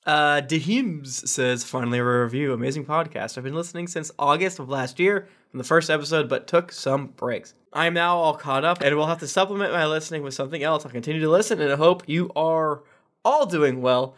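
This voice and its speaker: A man with a fairly high-set voice reads listener reviews on his podcast. He keeps it loose and casual, cutting in with jokey asides and little chuckles between the quotes. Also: brisk, a bit bright. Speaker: podcast host.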